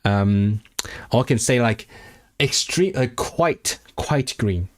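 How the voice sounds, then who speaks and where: A man's voice: medium pitch, lively intonation, slow pace. A man livestreaming his language study, thinking aloud with fillers and restarts and carefully repeating new foreign phrases. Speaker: language-learning streamer. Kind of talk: casual livestream language practice.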